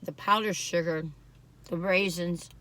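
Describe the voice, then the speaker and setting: A woman's voice: lowish voice, fairly even intonation, unhurried, a bit bright. A woman reviewing pastries in a casual food vlog, recorded on her phone in a parked car, gushing and laughing often. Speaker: food vlogger.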